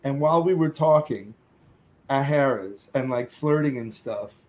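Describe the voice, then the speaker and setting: A middle-aged man, a podcast guest, telling a lively anecdote, acting out other voices and cursing casually. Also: medium pitch, measured pace, low-quality recording. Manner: lively storyteller who acts out other voices and sings snatches; curses casually. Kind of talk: animated storytelling.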